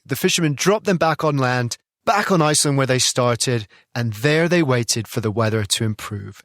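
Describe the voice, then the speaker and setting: A man's voice: mid-range voice, dry recording, clean studio sound. A man hosting a podcast, narrating with enthusiasm and amused asides. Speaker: podcast host. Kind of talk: scripted narration.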